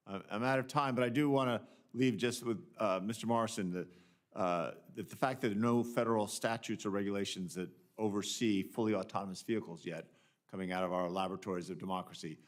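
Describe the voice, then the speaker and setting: A man with a fairly low voice speaks as a senator in a hearing room. He closes his questioning in a hurried way, his words trailing off quietly. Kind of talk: committee questioning.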